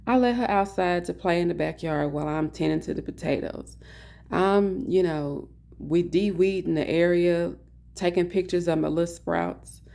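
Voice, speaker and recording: Chatty woman with a gravelly edge. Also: fairly low pitch, moderate pace. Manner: animated, chatty, addresses viewers as "honey". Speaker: vlogger. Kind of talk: casual storytelling chat. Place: indoor office.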